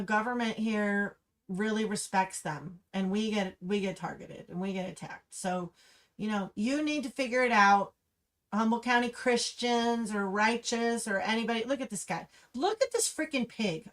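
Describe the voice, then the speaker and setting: A middle-aged woman, talking on a livestream in an impassioned, ranting way that rises to angry shouts. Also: on the high side. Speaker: livestream host. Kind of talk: livestream commentary over slideshow.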